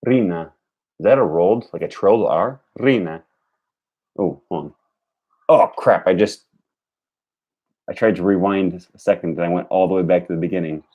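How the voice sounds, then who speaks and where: A man's voice: deep voice, fairly quick, highs cut off. A young man live-streaming himself learning a language, repeating phrases aloud and thinking through how the sounds work. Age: young adult.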